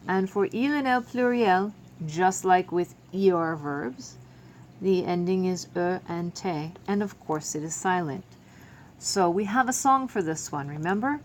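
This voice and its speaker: A woman's voice: fairly low pitch, a little slow, a little hiss or hum. A woman teaching a French verb lesson to students, explaining each step patiently. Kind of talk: classroom video lesson.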